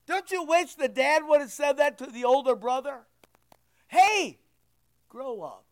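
An older man preaching a sermon as pastor, loud and emphatic, swinging between near-shouts and quiet asides. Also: very high-pitched, normal speed. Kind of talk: sermon with prayer.

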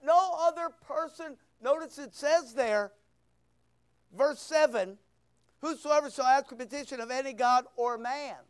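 A man's voice: very high voice, unhurried, clean tone. A man preaching a sermon as pastor, reading scripture aloud and asking the listeners questions in a conversational way.

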